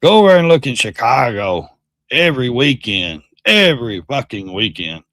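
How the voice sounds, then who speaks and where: A man's voice: medium pitch, sing-song, moderate pace, a bit bright, no echo, clean studio sound. A man hosting a livestream, ranting in a heated, profane and mocking way. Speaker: livestream host. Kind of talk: casual political rant.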